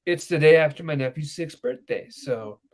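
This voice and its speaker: A man co-hosting a casual podcast from his home. His voice sits a little high, and he banters loudly and excitably with his co-host. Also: moderate pace. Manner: loud, excitable banter that swings to soft baby talk.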